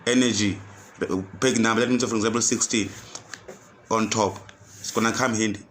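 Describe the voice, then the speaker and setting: A man tutoring computer skills, walking through a software task step by step and repeating each instruction. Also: lowish voice, fairly even intonation, a little fast, slight background noise. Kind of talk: screen-recorded software tutorial.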